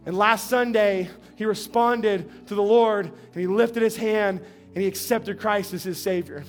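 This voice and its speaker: A pastor from New Mexico delivering a sermon in a high, light voice. He talks conversationally, stumbling and repeating words, then slows to an earnest tone. Gentle music plays softly behind him.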